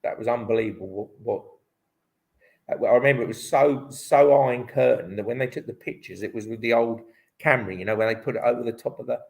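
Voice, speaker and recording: A British man in his fifties, once a motocross champion, tells stories as a guest on a live online interview. His mid-range voice is fast, darkish and full of vocal fry, and the audio is poor. He rambles, restarts often and leans heavily on "um" and "like."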